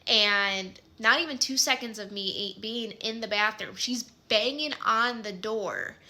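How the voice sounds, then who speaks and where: Midwestern woman, 30s, casual chatty storyteller, sharp bright voice, loose with fillers. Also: fairly high pitch, unhurried. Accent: Midwestern American.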